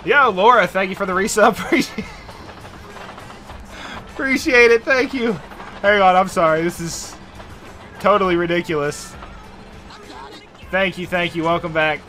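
A young man streaming a video game, laughing constantly, swearing freely and bursting out in excitement. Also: high voice, measured pace, pauses often, faint music behind. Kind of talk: casual gameplay commentary.

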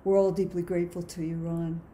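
A woman's voice: lowish voice, little pitch movement, fairly quick, mellow, slight background noise. A woman on the program faculty reading a formal introduction of the next reader. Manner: formal, read from notes. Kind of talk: scripted introduction.

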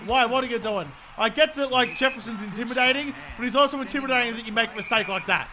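A young man commentating his own football video game, frustrated and profane, yelling at his teammates. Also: extremely high pitch. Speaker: gaming commentator. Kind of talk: swearing live gameplay commentary.

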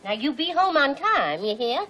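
A woman's voice: high-pitched, sing-song, normal speed, sharp tone, a little hiss or hum, heavily acted, poor audio. An actress playing a doting, chatty housewife mother in her forties, with a gushing, sing-song manner. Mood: fussing. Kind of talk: film drama acting.

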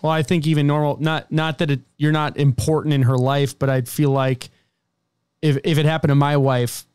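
Smooth-voiced male podcast host. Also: fairly high pitch, little pitch movement, normal speed, darkish tone, no echo, clean studio sound. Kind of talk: investigative podcast interview.

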